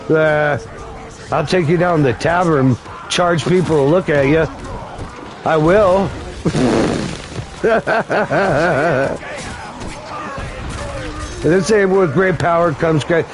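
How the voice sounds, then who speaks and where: A man voicing a sarcastic farmer uncle who taunts and scorns in rambling rants. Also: fairly high pitch. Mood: taunting.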